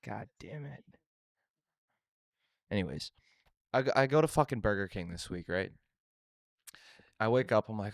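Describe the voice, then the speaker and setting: A man with a fairly low voice tells a story on a casual podcast. He is animated and swears freely. The sound is dry and close. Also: normal speed, creaky, pauses often, no room sound. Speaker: podcast co-host.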